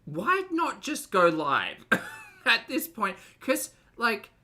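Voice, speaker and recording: Young man with a bright voice and a lively, swooping pitch, talking fast and casually as he reacts and jokes. He is sarcastic and laughs often. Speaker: commentary channel host.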